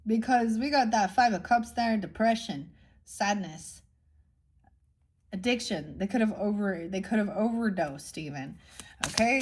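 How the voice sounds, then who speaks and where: A woman's voice: mid-range voice, darkish tone. Blunt, swearing woman tarot reader. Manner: blunt and mocking, with frequent swearing. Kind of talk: casual tarot reading to viewers.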